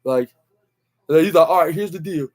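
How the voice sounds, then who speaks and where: Young male podcast host, slightly high voice, loose rambling recap delivery with lots of fillers. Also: normal speed, a little mellow. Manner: rambling, many fillers and restarts, acts out quotes. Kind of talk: casual wrestling recap.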